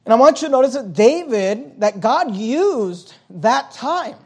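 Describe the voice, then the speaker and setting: A man with a high voice delivers a sermon. He reads scripture aloud and explains it with steady, earnest emphasis. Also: unhurried, breathy edge. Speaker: pastor.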